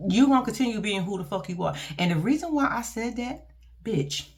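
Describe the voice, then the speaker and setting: A woman giving a casual, profane and animated reaction vlog about a reality TV show, speaking. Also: fairly high pitch, fairly quick. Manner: blunt, profane, animated and laughing. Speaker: reality TV commentator.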